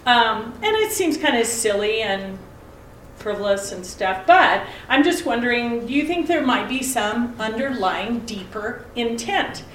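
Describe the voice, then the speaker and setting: A middle-aged woman with a fairly high, fairly bright voice leads a conversational Bible lesson, putting pointed rhetorical questions to her listeners and sharing family anecdotes. The room is echoey, the mic sits at a distance, and there's a little hiss or hum.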